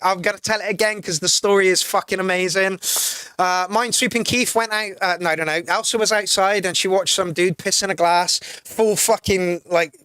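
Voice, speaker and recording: A man with a high, sharp-toned voice hosts a casual live music-review stream, reading out chat comments and ranting with free swearing. The recording is dry.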